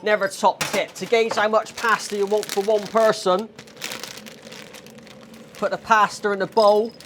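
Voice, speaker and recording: A man with a strong Bristolian accent from England vlogs while cooking in his flat's kitchen, chatting casually, swearing and calling viewers mate. His voice sits high and fairly bright, with a level tone and measured pace. A small wireless clip mic picks up a little hiss or hum.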